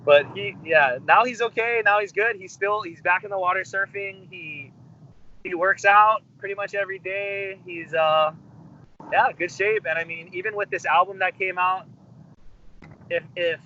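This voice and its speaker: A young man with a bright, forceful voice, sitting for a relaxed interview. He talks in a rambling way, full of fillers and restarts. The audio is dull and lo-fi. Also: sits high, moderate pace. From Hawaii. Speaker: musician guest. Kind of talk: casual interview storytelling.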